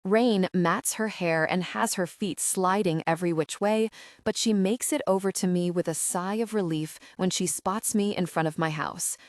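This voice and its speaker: A woman's voice: on the low side, moderate pace, dry recording, studio quality. A woman narrating a first-person romance audiobook in an emotional, dramatic reading.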